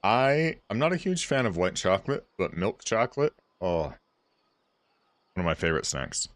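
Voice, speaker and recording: A man's voice: fairly low pitch, big pitch swings, normal speed, dry recording. A man streaming a game, chatting casually and rambling with his viewers. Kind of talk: casual livestream chat.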